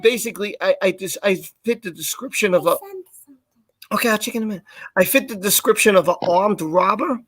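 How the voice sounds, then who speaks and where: A man co-hosting a live stream, casually telling a personal story in an animated way and acting out the quoted lines. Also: sits high, fairly quick, no room sound.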